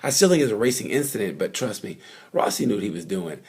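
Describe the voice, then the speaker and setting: A man's voice: fairly low pitch, big pitch swings, fast talker, a little mellow, breathy edge. A man casually recapping motorcycle races in a rambling, chatty way, full of fillers and asides. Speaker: vlogger reviewing motorcycle races. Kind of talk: casual off-the-cuff race recap. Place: at the race circuit.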